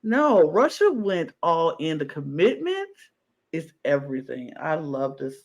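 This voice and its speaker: A man co-hosting a podcast in casual reaction chat, animated and gushing, acting out his own reactions. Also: fairly high pitch, a little slow, vocal fry, dull audio. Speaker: podcast co-host.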